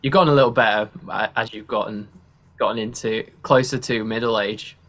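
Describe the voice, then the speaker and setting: A man's voice: mid-range voice, fairly even intonation, a little fast, fairly bright tone. Easygoing, teasing male guest. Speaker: band member, guest. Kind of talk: casual interview chat.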